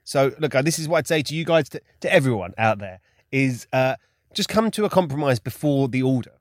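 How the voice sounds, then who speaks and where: A man's voice: mid-range voice, expressive, brisk, no echo, clean studio sound. A man co-hosting a podcast in easygoing casual chat, affirming the others with mm and yeah. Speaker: co-host.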